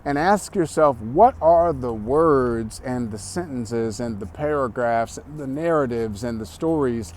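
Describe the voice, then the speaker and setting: A man's voice: mid-range voice, measured pace, hardly any pauses, darkish tone, slight background noise. A man giving a motivational talk, speaking emphatically and repeating his key phrases.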